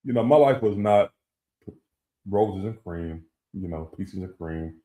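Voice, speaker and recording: This middle-aged talk show co-host tells a personal story in a casual chat, voicing the people he quotes. He sounds low, warm and expressive, speaking unhurriedly in an echoey room.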